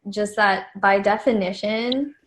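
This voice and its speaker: A woman guest on a podcast talking in a passionate, animated way. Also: medium pitch, measured pace, slight background noise. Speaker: guest, former pro dancer. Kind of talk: impassioned conversation. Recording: echoey room.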